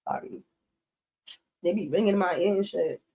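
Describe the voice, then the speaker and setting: A woman's voice: medium pitch, normal speed, low-quality recording. Woman reading tarot to camera, blunt and chatty, cusses a lot, says stuff twice for emphasis. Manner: blunt, swears freely, emphatic repetition; chatty, talks straight to viewers. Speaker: tarot reader.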